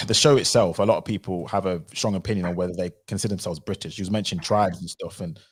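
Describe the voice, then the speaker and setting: Deep-voiced, fast-talking male host. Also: husky. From United Kingdom. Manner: relaxed, filler-heavy, agreeable. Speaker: livestream host. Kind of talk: casual panel discussion.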